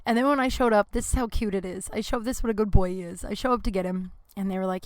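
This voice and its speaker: A woman's voice: mid-range voice, steady tone, racing, hardly any pauses, darkish tone, no room sound. A young woman hosting a podcast, telling a casual, rambling story with lots of restarts, self-mocking and swearing freely. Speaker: podcast host. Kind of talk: casual monologue.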